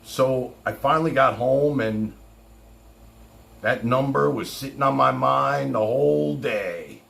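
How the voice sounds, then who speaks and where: A man's voice: medium pitch, takes it slowly, creaky, fairly bright tone. A man hosting his own livestream, talking casually in a boastful, rambling showman's way. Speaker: livestream host.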